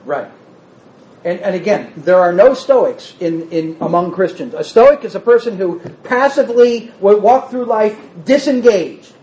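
A male preacher with a high, lively voice that swings up and down as he teaches. He reads scripture and chats with the people in front of him. The recording sounds a little dull and lo-fi. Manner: animated, talks with the congregation, reads scripture aloud. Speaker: pastor or Bible teacher. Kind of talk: conversational sermon.

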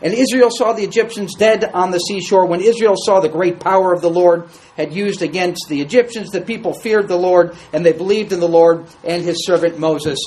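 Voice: mid-range voice, a little fast, few pauses, a little mellow, poor audio. Conversational Bible study teacher. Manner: conversational, asks the class questions. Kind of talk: Bible class teaching, reading scripture aloud and commenting. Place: group class room.

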